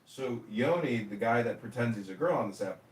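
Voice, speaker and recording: A man's voice: medium pitch, lively intonation, brisk, darkish tone. A man hosting a livestream chat as a mayoral candidate, talking in a crude, rambling, mocking way. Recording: echoey room, distant mic, faint noise.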